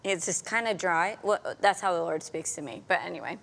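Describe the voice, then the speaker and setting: Female host, lower voice, affirming and reflective in conversation. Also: brisk, creaky, fairly bright tone. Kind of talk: conversational interview.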